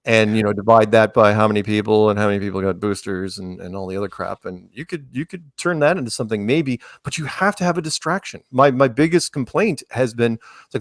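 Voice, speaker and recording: A man's voice: on the low side, fast talker, no room sound. Guy rambling on a podcast call, restarts a lot, dry close sound, sarcastic. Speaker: podcast guest. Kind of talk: casual chat.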